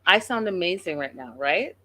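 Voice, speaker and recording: A woman's voice: fairly low pitch, expressive, normal speed, sharp tone. A woman hosting a live-stream reality show recap, talking in a blunt, sassy, mocking way.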